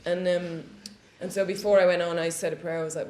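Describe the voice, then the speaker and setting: A woman's voice: fairly low pitch, level tone, fairly quick, a little mellow. A woman guest on a live panel telling candid, profane stories and often laughing. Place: studio panel discussion before an audience. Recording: roomy echo with faint background hiss.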